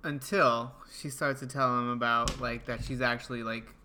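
A man's voice: mid-range voice, level tone, normal speed, pushed and bright, slight background noise. A man co-hosting a podcast, chiming in with short questions and teasing remarks. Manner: brief interjections, teasing questions. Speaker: podcast co-host. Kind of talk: casual chat.

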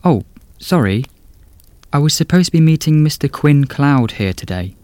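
A man's voice: a little high, lively intonation, normal speed, mellow, no room sound, voice pushed up, lightly acted. A man voicing a polite, apologetic young woman estate agent in a storybook reading.

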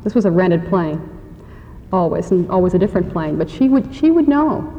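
A woman's voice: on the low side, very animated, normal speed, dark tone, slight background noise. A woman, a guest speaker at a public forum, telling family anecdotes in a chatty storytelling manner. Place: large church hall. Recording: reverberant hall, dull radio sound.

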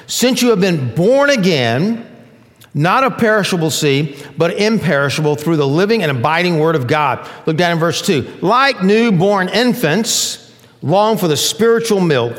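An older male pastor delivers a sermon in a fairly high voice, talking to the congregation like a conversation. He acts out short quoted voices along the way. A long reverb trails his words through the large hall. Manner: conversational preaching with lively acted-out asides. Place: church sanctuary.

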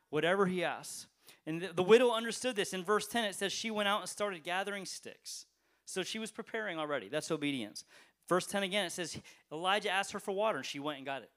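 A man pastor preaching a sermon to a church congregation, conversational, asking rhetorical questions, swinging between loud emphatic lines and quiet ones. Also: high-pitched. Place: church service, streamed online.

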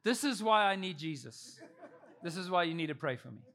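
A man in his thirties preaching a sermon, telling the story with animated delivery and acting out the quotes. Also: high-pitched, a little fast. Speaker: pastor.

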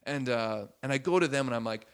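Speaking fairly quickly with a clean, mid-range tone, a male stand-up comedian recounts a story in casual conversation. He animatedly performs the voices of its characters in quotes.

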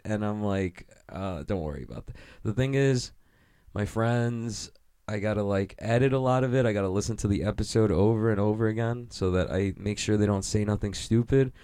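A man's voice: on the low side, fairly even intonation, moderate pace, warm tone. A man hosting his own podcast from his messy room, rambling and swearing freely while poking fun at himself, on poor audio. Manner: profane, rambling, self-mocking. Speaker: podcast host. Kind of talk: rambling casual monologue.

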